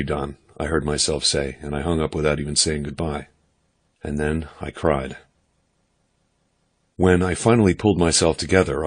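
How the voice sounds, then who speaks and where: A man doing steady, measured first-person audiobook narration. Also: rumbling low.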